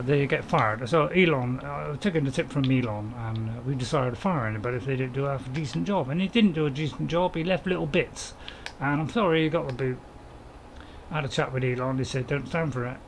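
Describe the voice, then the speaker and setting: A middle-aged gameplay streamer chats casually and jokes while streaming a farming game, chuckling and reading his viewers' chat aloud as he answers it. His voice is mid-range. The low-quality recording carries a little hiss or hum.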